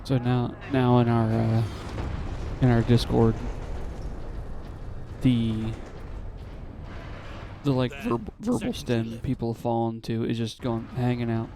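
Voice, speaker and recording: A man's voice: medium pitch, takes it slowly, long pauses, background noise. A man chatting casually while gaming, rambling and tripping over his words. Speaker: streamer playing with friends.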